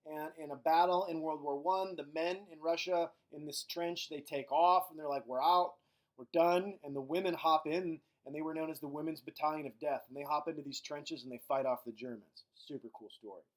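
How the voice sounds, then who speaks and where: A man's voice: on the high side, steady tone, fairly quick, hardly any pauses. A man teaching a recorded history lecture in a casual, joking way, with frequent fillers.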